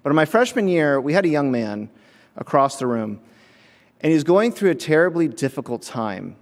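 A man's voice: on the high side, very animated, normal speed. A man preaching a sermon, telling a story and acting out the voices of people in it. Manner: storytelling, acts out voices in quotes. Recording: long hall reverb.

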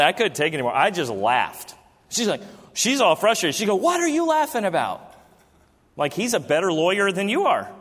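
A man's voice: a little high, fairly bright tone. A man in his thirties preaching a sermon as a pastor, speaking conversationally and throwing rhetorical questions to his congregation in a church. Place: church sanctuary during a service. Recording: long reverb of a large hall.

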